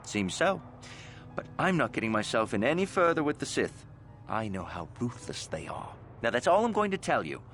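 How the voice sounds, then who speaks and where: A man's voice: medium pitch, very animated, moderate pace, fairly bright tone, a little hiss or hum. An actor playing a wary, streetwise male witness in a video game, guarded and reluctant to say more. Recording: game audio with faint music.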